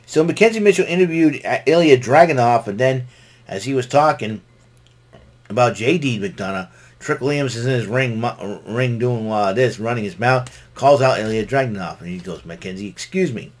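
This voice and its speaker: A man's voice: medium pitch, normal speed. A man hosting his own show who rambles through a casual spoken recap with frequent restarts. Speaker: solo show host recapping wrestling.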